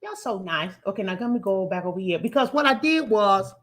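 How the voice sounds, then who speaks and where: A woman's voice: mid-range voice, lively intonation, brisk, a bit bright. A woman hosting a call-in livestream, talking emphatically in a folksy way and repeating words as she builds a point. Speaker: call-in show host. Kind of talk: casual livestream talk show.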